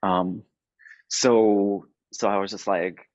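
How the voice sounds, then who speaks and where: Low-voiced man, halting and reflective. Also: steady tone, darkish tone, no echo, dull audio. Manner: halting, repeats words, light laughs. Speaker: podcast guest. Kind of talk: personal storytelling.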